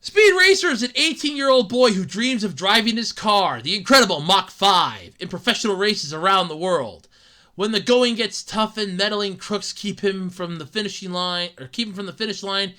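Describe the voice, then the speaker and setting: A woman hosting a podcast, delivering an excitable, swearing, comedic rant with frequent laughs. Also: medium pitch, moderate pace. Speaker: podcast host. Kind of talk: ranting comedic podcast monologue.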